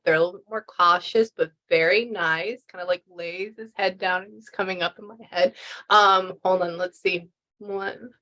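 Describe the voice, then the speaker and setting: A woman's voice: on the low side, pushed and bright, dull audio. A woman doing a casual reading session as a pet medium, chatty and rambling, full of restarts and fillers.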